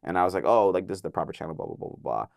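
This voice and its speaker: A young man, a voice actor guest, telling an excited story in a casual interview, full of filler words and acted-out quotes. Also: low voice, very fast, creaky, no room sound, studio quality.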